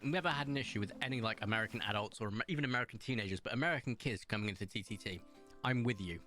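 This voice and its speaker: A man's voice: on the low side, racing, pushed and bright, faint music behind. A young British man streaming live and chatting casually, rambling with lots of fillers and restarts.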